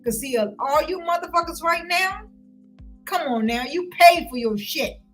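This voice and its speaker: High, bright, heated woman ranting. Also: lively intonation, normal speed, faint music behind, low-quality recording. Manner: loud, heated and confrontational, with frequent cursing. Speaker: vlogger ranting to viewers. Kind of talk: profane livestream rant.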